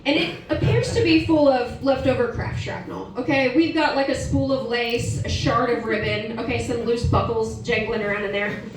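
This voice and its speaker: A woman's voice: fairly high pitch, moderate pace, hardly any pauses, background noise. A woman in her forties doing a brash, profane stand-up set and chatting with the crowd, recorded live on a comedy club stage. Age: 40s. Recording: roomy live venue, distant mic, audience laughter.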